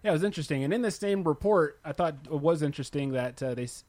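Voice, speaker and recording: A man's voice: on the high side, lively intonation, fast, a little mellow. Man explaining things with easy fillers. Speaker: YouTube tech channel creator. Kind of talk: casual podcast chat.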